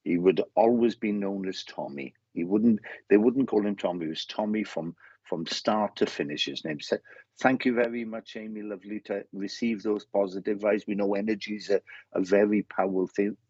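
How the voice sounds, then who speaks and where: A middle-aged Welsh man with a low, husky voice hosts a live mediumship session, greeting people one after another in a chatty way. The sound is dry and a little dull. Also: normal speed, a little mellow, dry recording. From Wales.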